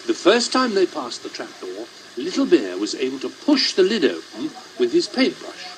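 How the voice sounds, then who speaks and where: A man narrating a children's storybook, gentle and expressive, sometimes dropping to a hush. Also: mid-range voice, moderate pace, a little hiss or hum, rough recording.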